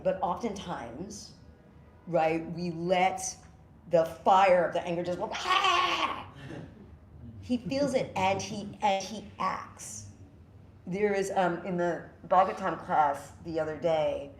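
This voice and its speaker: A middle-aged woman from New York City giving an animated storytelling talk to a group, laughing and acting out lines. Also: on the low side, slight background noise. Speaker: yoga teacher giving a spiritual talk. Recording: roomy room with faint ambience.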